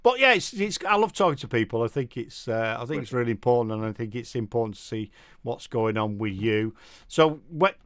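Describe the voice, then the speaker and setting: A man's voice: mid-range voice, animated, a little fast, fairly bright tone, smooth, dry recording, studio quality. A man with a British accent hosting a radio show, chatting casually and rambling, often calling his guest mate. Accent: British English. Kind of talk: casual chat interview.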